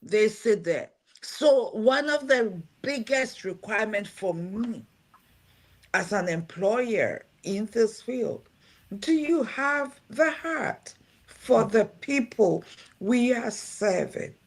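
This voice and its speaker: Taking her time, a woman with a slightly high, animated voice speaks from the heart on a livestream talk show. A pastor who also runs a home care agency, she is from outside America and repeats her key phrases for emphasis.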